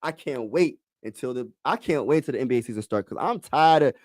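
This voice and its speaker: A man hosting a casual sports commentary video, excitable and talking straight to his viewers with shout-outs. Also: fairly high pitch, moderate pace, no echo, studio quality. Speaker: sports vlogger host.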